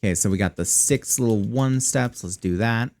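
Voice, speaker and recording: A man's voice: fairly low pitch, moderate pace, a little mellow. A man chatting wryly through casual live gameplay commentary, swearing when annoyed, on a close desk mic run through a voice changer app. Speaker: streamer.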